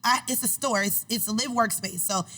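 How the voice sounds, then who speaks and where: Bright, animated woman telling her story. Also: fairly high pitch, fairly quick. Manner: animated, acts out quoted voices; emphatic, repeats phrases for effect. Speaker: podcast guest. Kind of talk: casual interview storytelling.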